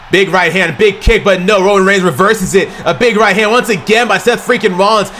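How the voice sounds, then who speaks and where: A man giving excited amateur play-by-play commentary over a video game, stumbling and correcting himself, then bursting into shouts at big moves. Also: a little high, a little hiss or hum. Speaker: play-by-play commentator for his own game session.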